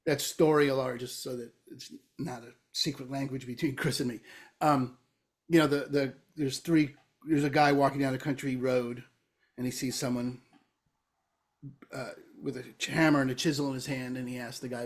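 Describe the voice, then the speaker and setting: A man's voice: medium pitch, steady tone, normal speed. A man co-hosting a podcast, telling a long parable in casual conversation with emphatic, sometimes swearing delivery. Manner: storytelling, tells a parable at length. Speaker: podcast co-host.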